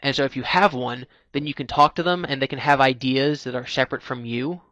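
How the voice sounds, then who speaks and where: A man hosting a live stream, talking through a long story and circling back with "like" and quick restarts. His voice sits at a middle pitch. The sound is dull and lo-fi, with a dry close mic. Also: steady tone, fairly bright tone, no room sound. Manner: chatty, explains at length with many "like"s. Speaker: podcast host. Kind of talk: casual live-stream chat.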